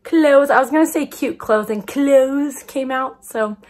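Bubbly, breathy young woman vlogger. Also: sits high, unhurried. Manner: bubbly and gushing, addresses viewers as you guys. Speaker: fashion vlogger. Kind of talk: casual try-on haul chat to camera.

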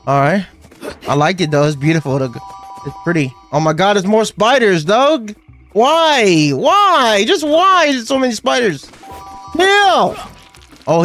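A young man calls out a game as he plays it, excitable and full of slang. His voice sits high and leaps up and down a lot, with faint game music underneath. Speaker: gaming YouTuber. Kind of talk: let's play commentary.

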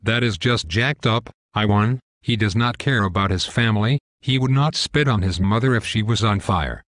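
A pastor voicing a crude, gloating male demon who taunts and insults in a slow, deliberate way. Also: fairly low pitch, fairly bright tone, dry recording, clean studio sound, close to an everyday voice. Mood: taunting. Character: crude gloating male demon claiming a dying man's soul. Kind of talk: one-man dramatized dialogue.

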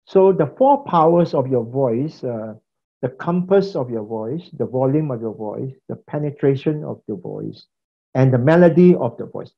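With a sing-song, medium-pitched voice touched by vocal fry, this man speaks at a normal pace. He's a preaching instructor lecturing a class conversationally, repeating phrases and quizzing students, captured in a slightly dull lo-fi recording.

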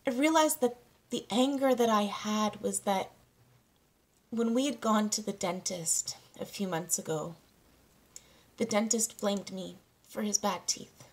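A woman in her thirties, a parenting coach, talking candidly to camera, halting and close to tears. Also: mid-range voice. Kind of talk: personal vlog monologue.

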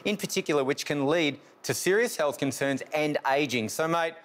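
A man's voice: on the high side, normal speed, a bit bright, slight background noise. A man with an Australian accent, presenting a cooking and wellness segment in a chirpy, scripted TV manner.

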